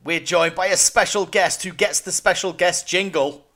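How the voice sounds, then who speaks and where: A man's voice: high-pitched, normal speed, heavy background noise. Jokey rambling podcast host, man. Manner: jokey, rambling, self-deprecating. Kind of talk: casual podcast chat.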